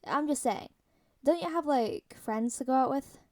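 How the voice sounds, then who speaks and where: A wry, deadpan grown man who teases calmly, as a woman reads him. The voice is mellow and set close and dry. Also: high-pitched, moderate pace, dry recording, natural voice. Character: Bucky, wry easygoing adult man.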